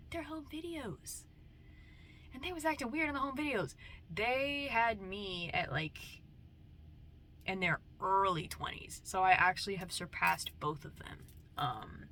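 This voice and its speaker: A young woman with rambles playfully in casual vlog chat. Her voice is bright and forceful, and she slips into whispers now and then. Faint background noise sits under her voice. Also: fairly high pitch, measured pace. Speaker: vlogger.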